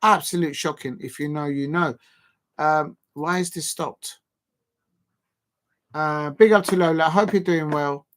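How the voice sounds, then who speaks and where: A man's voice: on the high side, fairly even intonation, a little slow, long pauses. Chatty young-sounding man streaming. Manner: rambling, chatty, lots of fillers, shouts out viewers. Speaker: live stream host. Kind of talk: casual live watch-along commentary.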